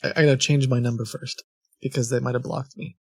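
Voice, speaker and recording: Chatting casually on his stream, a young scam-baiting streamer drifts from one thought to the next, restarting sentences and letting out short laughs. His mid-range voice is brisk with fairly even intonation, vocal fry, and a breathy edge, recorded dry and close without room echo.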